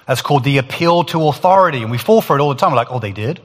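A man giving a conversational Bible teaching, animated and quick to laugh, acting out the voices he quotes. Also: fairly high pitch. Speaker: preacher. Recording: long hall reverb.

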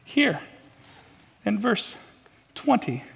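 A man delivers an impassioned, dramatic sermon from the pulpit, his voice high and bright with a husky edge. His words ring out through a church sanctuary with a long, trailing reverb. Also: very animated, very slow. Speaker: pastor. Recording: long reverb from a large hall.

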